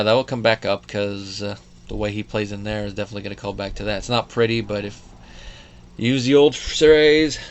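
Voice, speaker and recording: Chatty man in his thirties reviewing. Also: fairly low pitch. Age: 30s. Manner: chatty, digressive, with fillers and quoted asides. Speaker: show reviewer. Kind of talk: casual solo review commentary.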